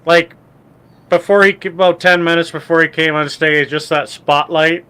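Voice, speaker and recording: Man, casual chat, high voice, bright tone, halting and restarting. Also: fairly even intonation, smooth.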